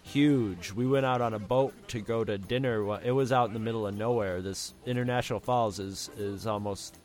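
Soft music sits under this man's lowish, slightly mellow voice, which moves at a moderate pace. He's co-hosting an anime podcast, chatting loosely and spinning meandering anecdotes with imitated folksy drawls.

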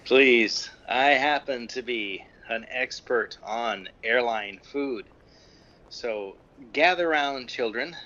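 A man's voice: medium pitch, slow pace, pushed and bright, dull audio. A man co-hosting a comedy food podcast, playfully posing as a pompous expert. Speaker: podcast co-host. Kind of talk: comedic casual chat.

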